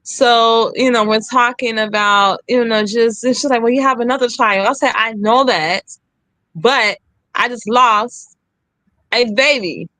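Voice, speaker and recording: A woman's voice: on the high side, measured pace, pushed and bright, no room sound. A young woman candidly telling her own story, re-enacting the lines of others with emphasis. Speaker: guest sharing her story.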